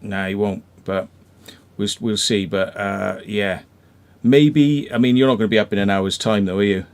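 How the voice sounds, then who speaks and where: A man's voice: fairly low pitch, steady tone, moderate pace. A man with a Welsh accent chatting casually as a live-stream host, rambling with lots of fillers and restarts. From Wales.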